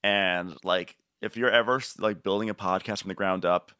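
A man's voice: sits low, steady tone, moderate pace, pushed and bright, clear, resonant tone, no echo, clean studio sound. A man co-hosting a podcast in casual chat, rambling with lots of fillers. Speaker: podcast host.

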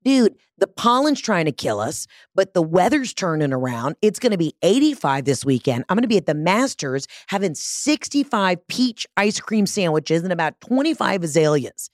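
A woman's voice: fairly low pitch, big pitch swings, moderate pace, hardly any pauses, no room sound. A woman, hosting her own podcast in a brash, profane, rambling comedic monologue, speaking into a studio mic. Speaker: podcast host. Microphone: studio mic with large headphones.

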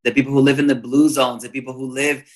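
A man's voice: mid-range voice, little pitch movement, fast. A man, a spiritual teacher, talking as a podcast guest in an earnest, emphatic, teacherly way. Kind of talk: podcast conversation.

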